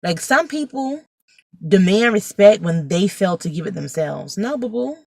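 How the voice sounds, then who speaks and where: Woman vlogger, gravelly, dry close sound, blunt and animated. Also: mid-range voice, unhurried, no echo. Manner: blunt, animated, swears freely. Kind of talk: casual storytime vlog. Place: outdoors, arriving at a building.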